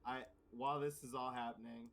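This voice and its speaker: A man's voice: medium pitch, flat delivery, fairly quick, fairly bright tone. A man playing a tabletop game, eagerly talking through his plans with the group. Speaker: player. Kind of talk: casual tabletop play.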